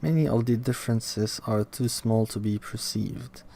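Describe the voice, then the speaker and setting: A young man reading a linguistics textbook aloud in a slow, halting way, pausing to repeat words to himself. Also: mid-range voice, gravelly, warm tone. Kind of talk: casual read-aloud study session.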